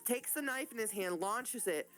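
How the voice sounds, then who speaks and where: A woman running a tabletop game as game master, telling the scene in a casual, profane, animated way. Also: fairly high pitch, moderate pace, soft background music.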